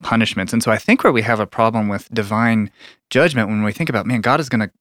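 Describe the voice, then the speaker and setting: Earnest explaining man, low dry voice. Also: fast talker, a bit bright, no room sound. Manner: earnest, explanatory, restarts often. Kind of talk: conversational theology discussion.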